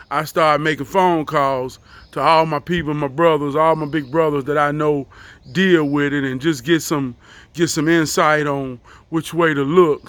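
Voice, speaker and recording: A man's voice: fairly high pitch, a bit bright, clear, resonant tone, dry recording. A man telling a casual, profane story, acting out what people said. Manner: loose, profane, acts out quoted voices.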